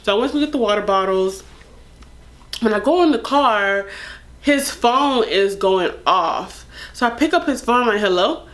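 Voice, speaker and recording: A young woman vlogger telling a personal story in a candid, animated, chatty way, full of fillers. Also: on the high side, unhurried. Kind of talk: casual storytime.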